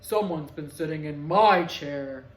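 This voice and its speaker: Woman doing a deep gruff papa bear. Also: a little slow, echoey room, rough recording.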